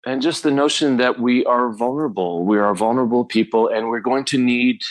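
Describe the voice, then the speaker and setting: A man's voice: mid-range voice, brisk, dry recording. A man guest on a podcast, talking earnestly and often laughing as he speaks. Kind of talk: casual interview chat.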